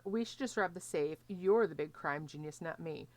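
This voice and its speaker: A woman's voice: low voice, moderate pace, no echo. A woman playing a video game and joking, reading dialogue choices aloud with sarcastic asides. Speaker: gaming streamer. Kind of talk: let's play commentary.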